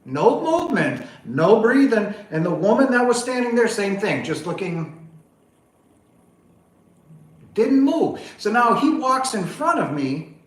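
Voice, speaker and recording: A man's voice: high-pitched, unhurried, pauses often. A man hosting a spiritual livestream, telling a story in a rambling casual monologue full of asides. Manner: rambling, animated, full of asides like "right?" and "okay?". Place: home, on a couch. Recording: echoey room.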